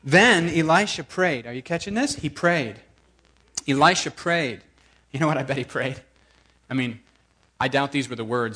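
A man preaching a sermon in a lively, emphatic way, often repeating words to drive a point home. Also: medium pitch, moderate pace, long pauses, breathy edge.

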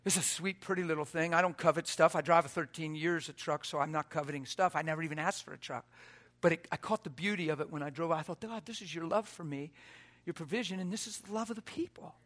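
A man preaching a sermon, telling a personal story with lively acted-out quotes and frequent laughter. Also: fairly high pitch, quick pace. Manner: animated, acts out quotes, laughs often.

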